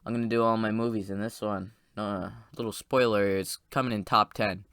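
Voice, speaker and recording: A man giving a casual, rambling spoiler review of a movie, excited and full of fillers and restarts. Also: on the low side, brisk, dry recording, studio quality.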